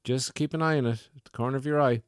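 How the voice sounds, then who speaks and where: A man putting on a mocking impression of a preachy male celebrity wellness speaker, high and sing-song. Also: fairly even intonation, fast, clear, resonant tone, no room sound, studio quality, lightly acted.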